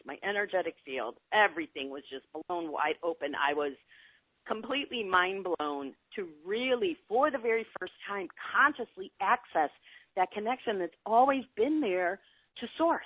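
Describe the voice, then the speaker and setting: Woman on a tinny call, animated storyteller. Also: no echo. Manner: animated, earnest storytelling with lively pitch swings. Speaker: spiritual guide guest. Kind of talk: casual interview chat. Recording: tinny phone-like call audio, dry.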